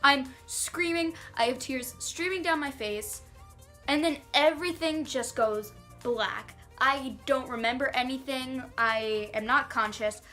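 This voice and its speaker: A young woman vlogger telling a dramatic personal story, animated and acting out the quotes. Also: high-pitched, a little slow. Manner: animated storytelling, quoting others in acted voices. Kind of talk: storytime vlog. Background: faint background music.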